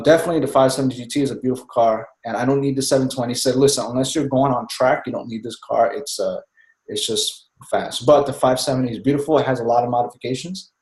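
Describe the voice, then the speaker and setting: An excited man chats on a group call in a mid-pitched voice, rambling from one thought to the next and tossing in "man" at the end of his sentences. His voice comes through with a roomy echo, as if heard across a call line. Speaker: team member speaking on a group call. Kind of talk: casual chat on a conference call.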